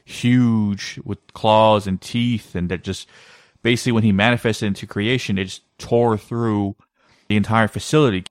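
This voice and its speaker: A man co-hosting a casual podcast, telling a story in an animated way with lots of filler words. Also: on the low side, moderate pace, no room sound, clean studio sound. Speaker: podcast co-host. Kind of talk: casual conspiracy podcast chat.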